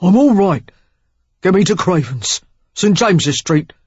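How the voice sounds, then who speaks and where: A woman reading an audiobook, voicing an injured young Cockney man who talks roughly and gasps out harsh orders. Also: high-pitched, animated, unhurried, no echo, muffled recording, exaggerated voice. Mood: harsh, urgent.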